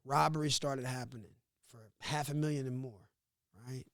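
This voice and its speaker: A man from Missouri, a podcast guest, telling a story in a casual, animated, profane way and acting out what others said. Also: medium pitch, normal speed, no echo, studio quality. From Grandview, Missouri. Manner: animated, profane, laughs often, acts out quotes.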